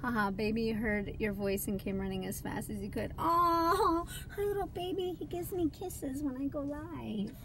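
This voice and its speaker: Giggly high-voiced mom on a live stream. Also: female voice, lively intonation, normal speed, few pauses, a bit bright, slight background noise. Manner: giggly, teasing, playful. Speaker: mother demonstrating nail polish on a live stream. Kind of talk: casual live-stream chat.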